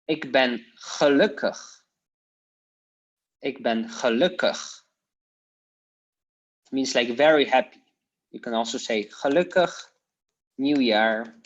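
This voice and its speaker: Male teacher, unhurried and mid-pitched, repeating phrases for a class on a dull lo-fi recording. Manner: slow, repeats Dutch phrases for learners, hesitant fillers. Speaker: language teacher. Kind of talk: informal language lesson.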